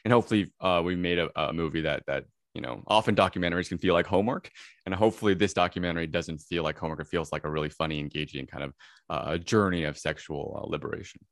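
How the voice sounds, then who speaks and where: A man's voice: low voice, fast, creaky, no room sound, clean studio sound. A man being interviewed about his documentary, talking earnestly and reflectively and often repeating words as he thinks. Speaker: documentary filmmaker guest. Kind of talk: casual interview.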